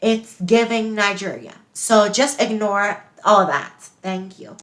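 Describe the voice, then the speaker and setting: A woman's voice: mid-range voice, slow pace, hardly any pauses, fairly bright tone. A woman hosting a casual video, chatty and upbeat as she introduces her guest. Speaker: host.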